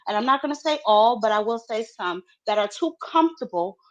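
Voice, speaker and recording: A woman on a sports talk panel who lays out her argument in long, measured questions. Her voice sits a little high, and it comes through a dull, lo-fi remote line. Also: expressive. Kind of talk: heated sports talk debate.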